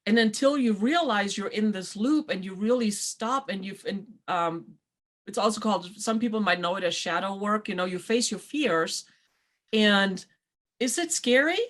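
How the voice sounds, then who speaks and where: Animated woman podcast host. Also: mid-range voice, normal speed. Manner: animated, acts out quoted voices. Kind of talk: casual motivational chat.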